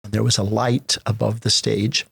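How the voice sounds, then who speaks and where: Middle-aged American man, gravelly, husky, animated storyteller, podcast interview. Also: on the low side, normal speed, dry recording. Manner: animated storyteller acting out quotes. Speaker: theater festival executive.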